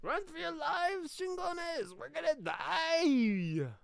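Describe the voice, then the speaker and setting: A man's voice: extremely high pitch, expressive, takes it slowly, vocal fry, dry recording, studio quality, voice pushed up, exaggerated voice. A man voicing panicked Aztec warriors fleeing cannon fire, in a put-on Mexican accent, shrieking and frantic. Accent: Mexican, attempted.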